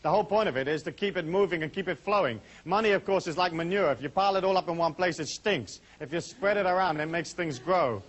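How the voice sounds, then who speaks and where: Fast-talking man leading a seminar. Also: a little high, a little hiss or hum. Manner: brisk, chatty, full of asides. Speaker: seminar speaker. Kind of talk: talk to a live audience.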